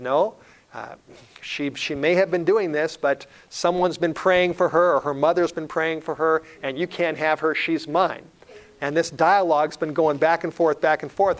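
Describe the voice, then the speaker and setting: Middle-aged male preacher, gravelly mid-pitched voice, earnest storytelling sermon delivery. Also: rough recording. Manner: earnest storytelling with frequent fillers and restarts. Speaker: evangelist speaker. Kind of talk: sermon-style lecture.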